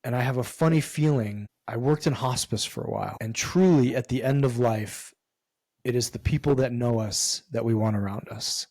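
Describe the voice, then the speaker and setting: A man's voice: mid-range voice, normal speed, a little mellow, no echo. A man as a podcast guest, talking in an earnest, emphatic way with casual swearing. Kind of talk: candid conversational interview.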